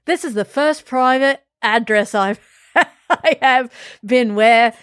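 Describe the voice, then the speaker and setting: A woman's voice: on the high side, slow, fairly bright tone, smooth, dry recording, clean studio sound. A woman voicing a retired male police inspector in an Australian accent, recounting in an earnest official manner. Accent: Australian, put on.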